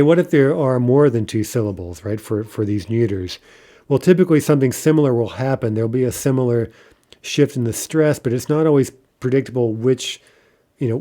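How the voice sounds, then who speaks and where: A man teaching a language lesson in a patient, explanatory way, often checking with "right?" and pausing on fillers. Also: medium pitch, warm tone.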